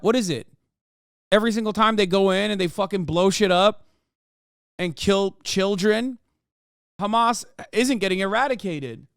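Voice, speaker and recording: A man's voice: high-pitched, expressive, normal speed, smooth, no echo, studio quality. A man streaming his reaction to a video, ranting heatedly and profanely, often mocking others in put-on voices. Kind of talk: heated livestream rant.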